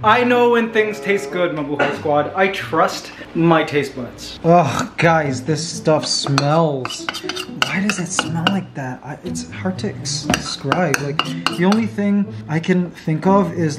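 A man hosting a casual vlog at home, playful and animated, his voice jumping up high when he gets excited. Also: takes it slowly, background noise. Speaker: vlogger host. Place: apartment indoors.

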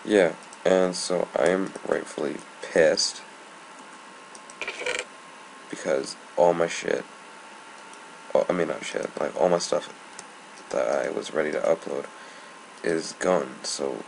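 A man's voice: very deep voice, takes it slowly, gravelly, pauses often. A young man giving casual, annoyed gameplay commentary, rambling and swearing. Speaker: gamer. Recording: noisy home recording.

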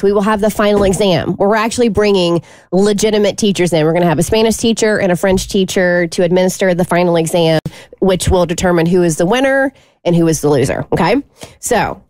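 A woman's voice: mid-range voice, darkish tone, dry recording. A woman co-hosting a morning radio show in a playful, teasing way. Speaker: radio co-host.

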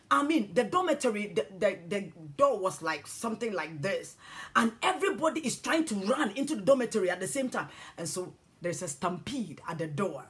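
A woman from Ghana telling a spiritual testimony, animated and emotional, with hushed, awed passages. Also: a little high. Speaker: Christian speaker.

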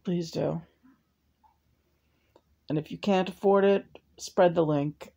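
A woman's voice: lowish voice, steady tone, slow, creaky, dark tone, exaggerated voice. A woman channeling the spirit of a dead man who rambles, hesitates and makes crude jokes. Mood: rambling.

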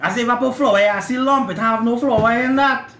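With a very high voice and a fairly quick pace, this Trinidadian host keeps the kitchen talk loose, teasing and laughing on his home cooking show. Echo and background noise fill the recording.

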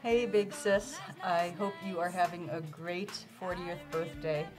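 A woman in her thirties speaks in a low, steady voice, recording a sincere birthday message for her older sister. Music plays clearly behind her. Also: a little slow. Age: 30s. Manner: heartfelt, earnest. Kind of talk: recorded video greeting.

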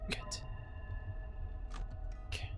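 A man's voice: very slow, fairly bright tone, faint music behind. A young man streaming a horror game live, talking to his chat, swearing, screaming and laughing at scares. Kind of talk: live gameplay commentary.

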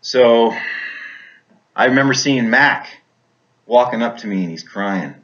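A man's voice: mid-range voice, expressive, measured pace, a bit bright. A man telling a personal war story as a veteran, rambling, repeating words, with many fillers. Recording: dull lo-fi recording.

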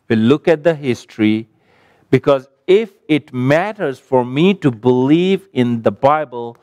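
Slow, clear-voiced male preacher. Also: mid-range voice, darkish tone, dry recording, clean studio sound. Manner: measured, emphatic cadence in repeated phrases. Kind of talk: sermon with closing prayer.

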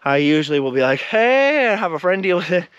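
A man's voice: on the high side, rapid-fire, clear, resonant tone, no room sound, lo-fi sound. A middle-aged man, out of breath, chatting in a rambling vlog while hiking outdoors at old ruins. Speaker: vlogger. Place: outdoors at a desert mine ruin.

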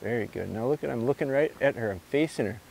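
A man of middle pitch works with a young dog in an open rural field, talking the viewer through each step in a calm, even way. He breaks off for short commands and praise, and the outdoor noise and animal sounds of the countryside stay behind him. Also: fast, vocal fry. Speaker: dog trainer. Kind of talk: outdoor training commentary.

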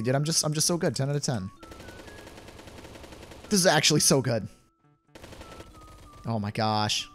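A man's voice: medium pitch, moderate pace, pauses often, slight background noise. A young man giving playful gameplay commentary, laughing often as he reacts. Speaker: gaming YouTuber. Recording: game music playing faintly behind.

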